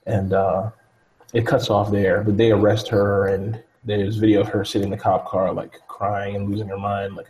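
Relaxed low-voiced man telling a story. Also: moderate pace, rough recording. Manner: loose storytelling with many fillers, acts out quotes. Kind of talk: casual chat.

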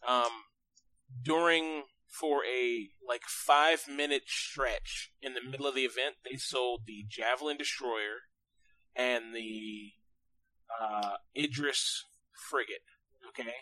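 A man co-hosting a podcast, telling stories in an animated way and laughing often. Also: medium pitch, slow pace, poor audio. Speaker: podcast co-host. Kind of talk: casual podcast chat.

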